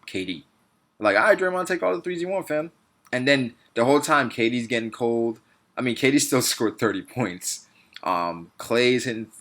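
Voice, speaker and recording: A young man hosts a casual sports talk with friends, his pitch swinging widely as he gets worked up. He laughs often and lets his sentences fade out quietly at the end. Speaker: podcast host.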